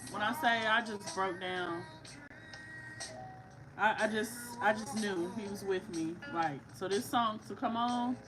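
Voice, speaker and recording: A woman's voice: medium pitch, measured pace, low-quality recording. A woman giving a casual, heartfelt psychic reading. She talks in a rambling way, full of "like" and restarts. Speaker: psychic card reader. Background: music playing.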